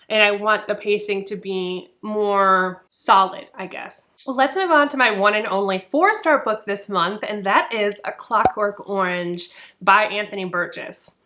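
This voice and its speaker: A young adult woman talking casually and chattily about books in a vlog, animated, with frequent fillers. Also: medium pitch. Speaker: book reviewer. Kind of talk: casual book review vlog.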